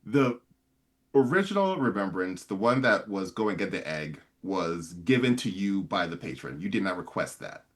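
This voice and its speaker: A man with a somewhat low voice runs a tabletop role-playing session as game master. He explains rulings in a loose, conversational way, full of casual filler. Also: big pitch swings, normal speed.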